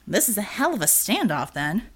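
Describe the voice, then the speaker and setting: A woman's voice: medium pitch, big pitch swings, moderate pace, breathy edge. A woman voicing a sardonic, wisecracking male gunslinger hero in an audiobook. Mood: wry. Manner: sardonic, dry quips.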